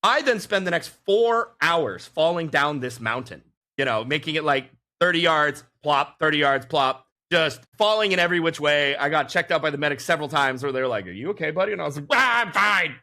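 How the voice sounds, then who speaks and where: A man chatting casually on a podcast, telling animated anecdotes and laughing often. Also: fairly high pitch, brisk, hardly any pauses. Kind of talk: casual chat, storytelling.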